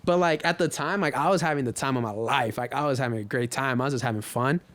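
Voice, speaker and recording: A man's voice: medium pitch, quick pace, a bit bright, dry recording. A man from the Inland Empire in California, a podcast guest telling stories loosely in casual chat, full of slang and swearing.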